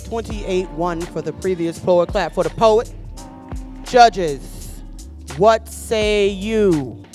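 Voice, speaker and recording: A man's voice: high voice, takes it slowly, a little mellow, soft background music. A man hosting a poetry slam, reading out scores and hyping the crowd in a loose, playful way. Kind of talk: live event hosting.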